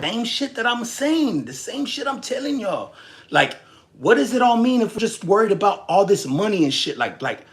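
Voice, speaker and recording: Animated, rambling streamer man from Texas. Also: on the high side. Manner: rambling, profane, animated, jokes and chats with viewers. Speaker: livestream host. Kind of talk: casual livestream rant.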